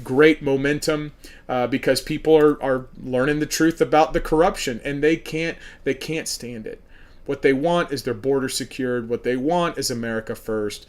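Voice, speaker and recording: A man from Oklahoma, a political candidate hosting his own show, giving an emphatic campaign monologue that hammers the same points over and over. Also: mid-range voice.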